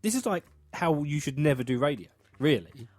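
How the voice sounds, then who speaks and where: A man's voice: fairly high pitch, expressive, moderate pace, a little mellow. A young man hosting a podcast, chatting in a rambling, jokey way and slipping into silly greeting voices. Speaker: podcast host. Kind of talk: casual chat.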